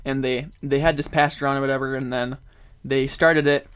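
A young man co-hosting a podcast, chatting casually and acting out stories with loud quoted voices. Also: mid-range voice, a little fast, smooth. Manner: animated storyteller, acts out quotes loudly; says dude and man often. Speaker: podcast co-host. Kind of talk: casual chat.

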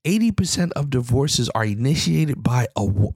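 A man's voice: medium pitch, lively intonation, moderate pace, no room sound, clean studio sound. A man talking alone on his podcast in a heated, rambling opinion monologue, repeating himself as he makes his points. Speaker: podcast host.

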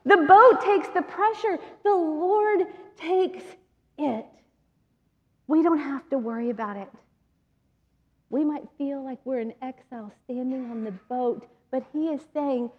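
High-voiced woman preaching in an echoing hall. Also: measured pace, muffled recording. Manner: animated, laughs often while telling stories. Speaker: women's ministry speaker. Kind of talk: sermon with personal storytelling. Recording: long reverb of a large hall.

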